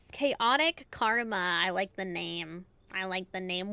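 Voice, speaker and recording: A woman streamer commenting on a game as she plays, excitable and quick to laugh and swear. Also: medium pitch, clear, resonant tone, soft background music.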